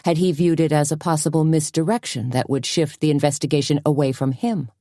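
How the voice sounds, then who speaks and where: A woman narrating a cozy mystery audiobook in an even, measured storytelling manner. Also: low voice, no room sound, studio quality.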